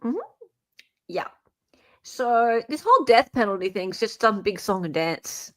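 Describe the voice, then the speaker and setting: An Australian woman co-hosting a podcast, chatting casually with a teasing, quick-to-react manner. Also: medium pitch, lively intonation, a bit bright. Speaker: podcast co-host. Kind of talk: casual chat.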